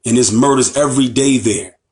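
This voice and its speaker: Speaking a little fast at a medium pitch, a man from the United States lectures fervently as an Islamic teacher. His delivery is emphatic and repetitive, peppered with rhetorical questions for his listeners.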